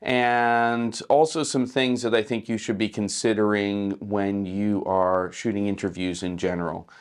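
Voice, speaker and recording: Male host, low, smooth voice, relaxed how-to chat, slightly rough morning voice, small hotel room. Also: measured pace. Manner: relaxed, conversational, many fillers. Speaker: filmmaker host. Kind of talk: casual how-to explanation.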